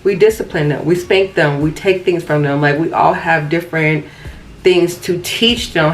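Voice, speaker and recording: A young woman vlogging casually while doing her makeup, telling a story in a chatty, animated way with laughs and asides. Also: on the low side, moderate pace, slight background noise, rough recording. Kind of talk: casual get-ready-with-me storytime.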